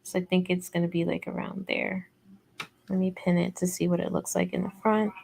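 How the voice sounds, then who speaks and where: A woman's voice: fairly low pitch, flat delivery, fairly quick, creaky, a little mellow, breathy edge. A woman hosting a casual livestream crochet tutorial, chatty and rambling, talking directly to her viewers.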